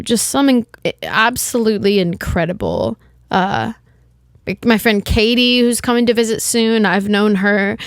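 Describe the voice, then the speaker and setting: A woman's voice: mid-range voice, lively intonation, a little slow, no room sound, studio quality. Candid, rambling young woman podcaster. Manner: rambling, candid, swears casually, many restarts. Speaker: podcast host. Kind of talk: solo podcast monologue.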